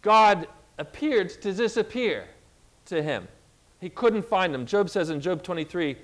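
A man preaching a sermon as pastor, animated, asking the congregation questions and swinging in pitch and loudness. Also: a little slow.

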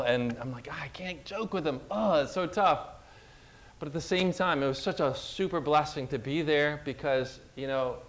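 A man with a somewhat high voice preaches an earnest sermon. He talks personally and with feeling, and retells scripture in his own words. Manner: earnest, emotional, retelling scripture with acted quotes.

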